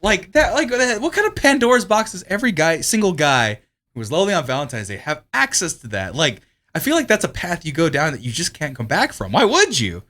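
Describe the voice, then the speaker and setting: A man's voice: a little high, huge pitch swings, brisk, bright, forceful tone. A man co-hosting a podcast in casual chat, rambling and profane, laughing often as he tells stories. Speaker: podcast co-host.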